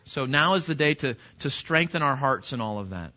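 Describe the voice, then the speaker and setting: A man's voice: mid-range voice, lively intonation, moderate pace, sharp tone, dull audio. A man preaching a sermon as pastor, talking to the congregation in a conversational way and asking rhetorical questions.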